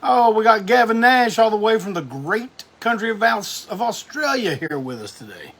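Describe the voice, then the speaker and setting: A man's voice: high-pitched, sing-song, moderate pace, a bit bright. A middle-aged man hosts a casual live stream, greeting viewers by name and rambling loosely.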